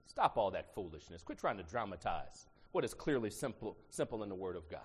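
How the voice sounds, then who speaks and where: A middle-aged man from Ohio with an Ohio accent, preaching a sermon. He swings between shouted emphasis and low asides and draws the congregation into call-and-response. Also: big pitch swings, fast talker, few pauses. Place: church sanctuary. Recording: long reverb in a large hall.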